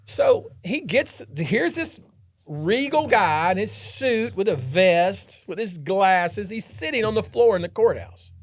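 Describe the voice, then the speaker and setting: A man hosting a podcast, a trial lawyer telling a story in an animated, dramatic way and acting out the scenes. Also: high-pitched, slow, dry recording. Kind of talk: casual storytelling chat.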